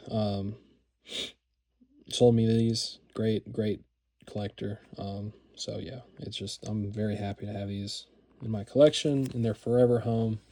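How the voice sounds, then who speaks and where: Mellow low-voiced man, rambling collector chat. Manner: rambling, filler-heavy, enthusiastic. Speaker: card collector vlogger. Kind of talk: casual show-and-tell narration.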